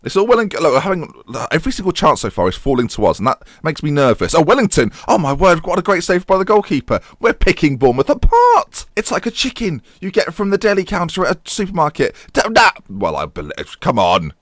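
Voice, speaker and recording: A young man commenting on his own football management game, chatty and self-mocking, excitable when the match heats up. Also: on the high side, fast, few pauses, no echo, clean studio sound. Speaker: gaming YouTuber.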